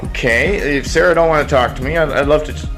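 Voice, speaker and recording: A man's voice: fairly high pitch, fast talker, fairly bright tone, faint music behind. A man telling a rambling personal story, repetitive and profane, full of false starts.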